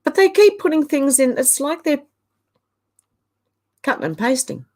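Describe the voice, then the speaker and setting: A woman's voice: high-pitched, big pitch swings, unhurried, a little mellow. A middle-aged Australian woman hosting a casual live stream, chatting loosely and reacting with exasperated asides while reading viewer comments aloud.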